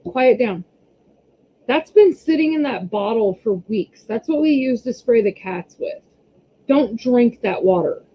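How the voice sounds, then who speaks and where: Chatty exasperated mom streaming from home. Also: female voice, fairly high pitch, animated, a little slow, slight background noise. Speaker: channel host. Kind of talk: casual livestream chat. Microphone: camera pointed down. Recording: slightly muffled lo-fi audio.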